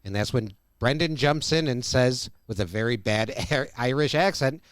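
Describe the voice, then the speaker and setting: A man's voice: medium pitch, animated, moderate pace, clear, resonant tone, no echo, studio quality. A man co-hosting a podcast, recapping an episode's plot and quoting its lines. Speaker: podcast co-host.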